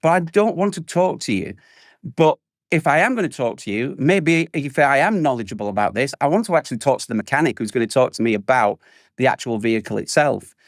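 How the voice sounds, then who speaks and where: A man on a podcast panel, telling stories in an animated way and acting out salespeople in exaggerated voices. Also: medium pitch, fairly quick, no echo, studio quality. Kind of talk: casual panel chat.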